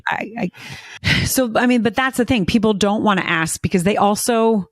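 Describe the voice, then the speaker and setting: A woman's voice: mid-range voice, normal speed, dry recording, clean studio sound. A woman hosting a podcast, talking earnestly in casual conversation and repeating phrases for emphasis. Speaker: podcast host.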